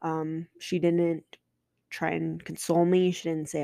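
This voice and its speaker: A woman's voice: low-pitched, level tone, a little slow, creaky, warm tone, no room sound, studio quality. A woman in her twenties, a podcast host telling a personal story candidly and emotionally, swearing and restarting often.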